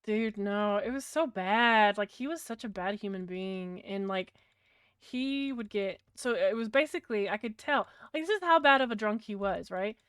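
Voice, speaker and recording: A woman's voice: mid-range voice, normal speed, a bit bright, smooth, dry recording, studio quality. A woman with a British accent, chatting casually and bluntly with her livestream viewers, rambling and swearing freely. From Britain. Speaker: streamer.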